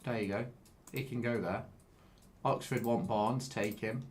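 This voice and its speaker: A man giving casual live-stream commentary while he plays a game, excitable, swearing and chatting with viewers. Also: medium pitch, a little slow, a little hiss or hum.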